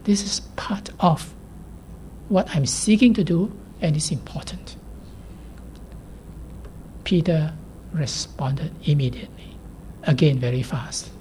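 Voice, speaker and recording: A woman preaching a sermon in a measured, emphatic way, at times sinking to a near whisper. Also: deep voice, warm tone.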